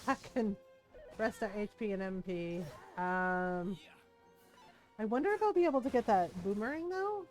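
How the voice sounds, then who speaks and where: A woman's voice: mid-range voice, a little mellow. A woman streaming a video game, with chatty, rambling commentary and frequent laughter. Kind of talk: casual live-stream commentary.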